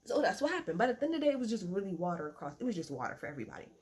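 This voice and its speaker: A woman's voice: mid-range voice, very animated, rapid-fire, a little mellow. A woman recapping a reality TV episode in casual chat, rambling and swearing freely with plenty of fillers, talking at home at night.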